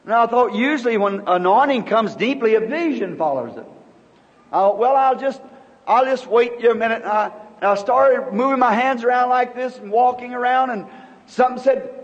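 A very high-pitched man in his fifties preaches with earnest, halting storytelling that often restarts its sentences. The sound is a dull old sermon tape, and the voice carries a long reverb from the hall. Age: 50s.

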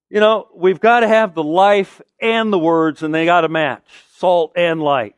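A man's voice: sits high, fairly even intonation, unhurried, dry recording. A middle-aged man preaching a sermon as pastor, earnest and conversational, asking the listeners pointed rhetorical questions.

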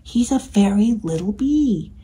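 A woman's voice: mid-range voice, animated, measured pace, close to an everyday voice, poor audio. Wise old groundhog from a picture book, confiding and patient, woman voicing. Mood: explaining. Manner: hushed and explaining.

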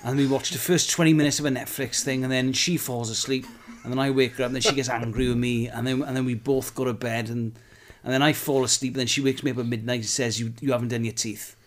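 A man's voice: mid-range voice, fairly even intonation, quick pace, few pauses, a little hiss or hum. A man co-hosting a podcast, joking and stumbling over repeated words. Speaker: podcast co-host. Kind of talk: casual chat.

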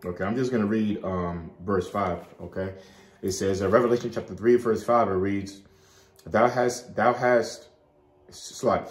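A man giving an informal Bible study, chatting loosely and reading scripture aloud slowly. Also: on the low side, steady tone, reverberant, soft background music. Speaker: Bible teacher.

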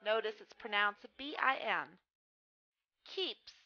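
A woman teaching a phonics lesson, reading words slowly and stressing each one for young readers. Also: medium pitch, expressive, sharp tone, dry recording. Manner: slow, careful, stresses each word. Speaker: reading tutor. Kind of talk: phonics lesson read aloud. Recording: dull lo-fi sound with faint music.

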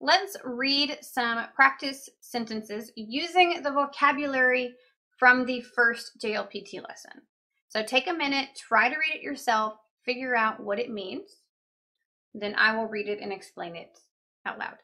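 A woman with a bright, fairly high voice explains grammar to beginners. She is chatty and relaxed, giving examples and repeating words slowly so they sink in. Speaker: language teacher.

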